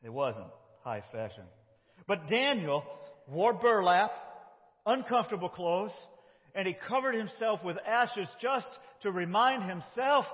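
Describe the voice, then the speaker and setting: A man preaching a conversational sermon, moving between loud and quiet phrases. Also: high-pitched, animated, a little slow. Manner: conversational, with shifts between loud and soft delivery. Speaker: pastor. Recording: dull sound with long hall reverb.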